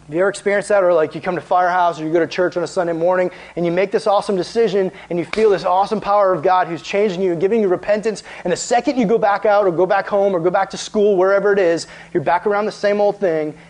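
A man preaching as a youth pastor in a casual, animated, conversational way, with lots of filler words. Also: high voice, fast, few pauses, low-quality recording. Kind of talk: casual sermon.

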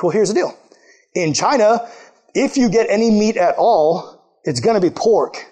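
High, lively preaching man. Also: measured pace. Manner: lively, acts out quotes in put-on voices. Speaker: pastor. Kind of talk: casual sermon storytelling.

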